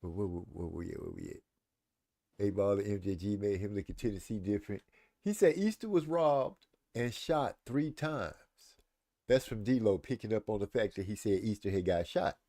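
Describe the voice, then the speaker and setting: A man co-hosting a casual live-stream show, relaxed, reading viewer comments aloud. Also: on the low side, normal speed, no room sound, studio quality. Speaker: podcast co-host reading chat.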